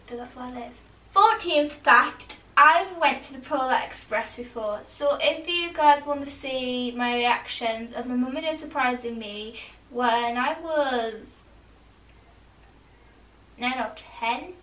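High-voiced chatty teen girl. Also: measured pace, sharp tone. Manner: rambling, chatty, full of "like" and "honestly". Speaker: vlogger. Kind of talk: casual talk to camera. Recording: echoey room, mic at a distance.

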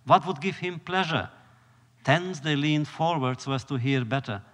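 A man giving a storytelling lecture, measured and solemn with dramatic pauses. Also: a little high, a bit bright. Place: lecture hall. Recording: long reverb of a lecture hall.

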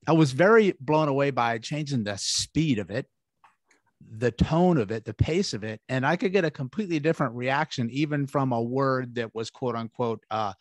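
A man's voice: medium pitch, animated, moderate pace, dry recording. A man hosts an interview podcast, speaking reflectively with small hesitations and restarts. His voice sits in a middle range and comes across dry and close. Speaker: podcast host. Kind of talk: casual interview chat.

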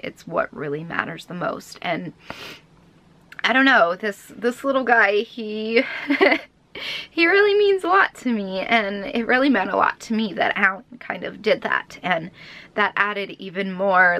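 A woman's voice: medium pitch, moderate pace, sharp tone. A young woman vlogger telling a personal story to camera in a rambling, emotional, heartfelt way.

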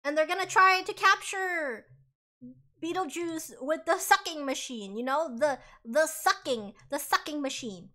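Very high-voiced, animated woman streamer. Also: a little slow. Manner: animated, swearing, rambling retelling. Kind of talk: casual live-stream narration.

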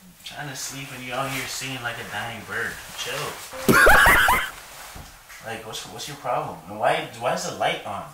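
A man's voice: medium pitch, moderate pace. A young man who has just been woken up, bickering bluntly in a sleepy, irritated way in a bedroom at night. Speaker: boyfriend woken by a prank. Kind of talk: casual bickering. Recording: roomy, distant, noisy with clicks.

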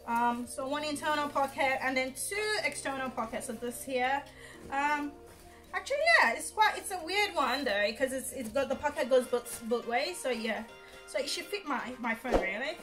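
Young woman rambling thru a clothing haul, bit high voice, bright, lots of ums and giggles. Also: rough recording. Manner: chatty, rambling, with fillers and giggles. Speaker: fashion vlogger. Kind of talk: casual haul video chat.

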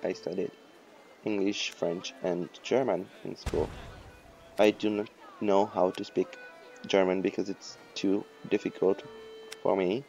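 A man rambling through casual game commentary, swearing and joking at himself, his voice hoarse. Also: deep voice, level tone, measured pace, darkish tone, lo-fi sound, soft background music. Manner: rambling, profane, self-mocking. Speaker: let's play host.

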